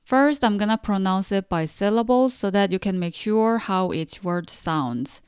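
A young woman teaches a podcast language lesson with a patient, encouraging manner. Her voice is remarkably smooth and resonant, and it sits close and dry with no room sound. She slows down on each word so listeners can repeat after her. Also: medium pitch, darkish tone, dry recording. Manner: patient, encouraging, pronounces words slowly for repetition.

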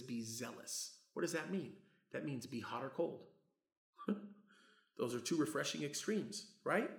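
Animated preacher in an echoing church. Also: male voice, on the high side, vocal fry. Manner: animated, swings from loud to hushed, conversational. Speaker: pastor. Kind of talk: sermon. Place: church hall. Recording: roomy church echo.

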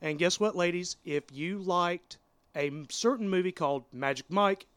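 A man's voice: sits high, moderate pace, a bit bright, clear, resonant tone, no room sound. A man co-hosting a podcast in a playful, casual way, speaking directly to the listeners. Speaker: podcast co-host.

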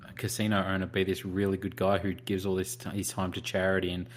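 A man's voice: low voice, monotone, quick pace, background noise. A man co-hosting a podcast, rambling and thinking aloud in casual chat. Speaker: podcast co-host.

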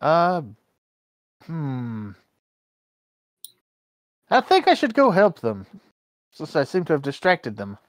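A player speaking in character in a tabletop game, wry and unhurried. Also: medium pitch, huge pitch swings, no room sound.

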